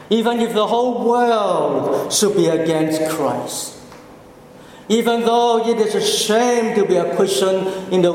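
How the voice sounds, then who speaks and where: A man preaching with a slightly raised voice, slow and measured, every phrase drawn out. His words ring through a large, echoey church hall with a long reverb tail. A faint hum of the room sits underneath. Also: high-pitched, a little mellow. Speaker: pastor. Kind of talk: sermon.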